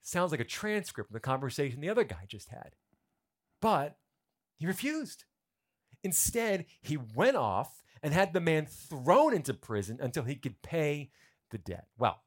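A male pastor giving a conversational sermon, retelling a story with humorous asides to the congregation. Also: mid-range voice.

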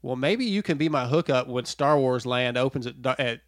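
A man's voice: medium pitch, animated, normal speed, dry recording. A man hosting a casual interview, chatty and prone to stammering restarts. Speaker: podcast host. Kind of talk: casual interview over a call.

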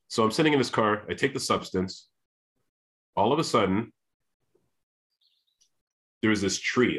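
Animated storytelling man, lowish voice. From Canada. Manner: animated, repeats and restarts, acts out quoted voices. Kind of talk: storytelling monologue.

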